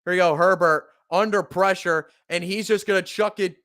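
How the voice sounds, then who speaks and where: Smooth-voiced profane fan commentator. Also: male voice, sits high, moderate pace, few pauses. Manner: excitable, profane, shouting when upset. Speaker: sports podcast host. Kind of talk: live play-by-play fan commentary.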